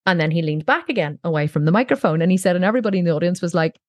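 A woman appears as a podcast guest in a conversational interview, telling stories candidly and swearing now and then. Her voice is fairly low, expressive, very fast, and a little mellow. She's recorded dry on her own podcast microphone.

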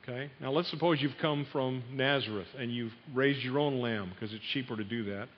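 A man's voice: mid-range voice, normal speed, slight background noise. Man preaching in an echoing hall. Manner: storytelling, asks the audience questions. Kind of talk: sermon. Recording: dull sound in a long-reverb hall.

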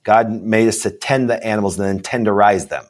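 A man's voice: lowish voice, fairly even intonation, fairly quick. A man speaking as a guest doctor in a casual interview, rambling and emphatic, often asking "you know what I'm saying".

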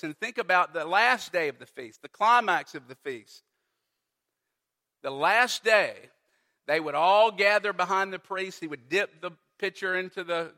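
A middle-aged pastor preaching a sermon with emphatic, dramatic pauses. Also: male voice, high voice, bright, forceful tone, long reverb tail.

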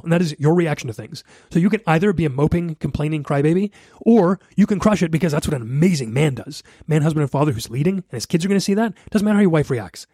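A man's voice: on the high side, dark tone, slightly rough, no echo, studio quality. A man in his thirties hosting a solo podcast, giving blunt coaching advice straight to his listeners. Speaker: podcast host.

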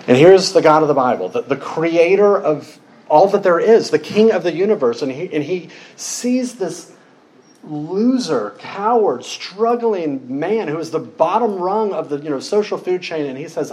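A pastor preaching a conversational sermon, telling stories informally with joking asides and frequent fillers. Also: male voice, a little high, very animated, moderate pace, darkish tone, low-quality recording.

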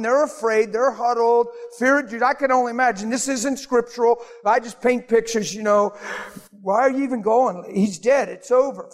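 Man preaching, high pitched voice, animated, acts out voices, long hall reverb. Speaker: pastor. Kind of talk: sermon.

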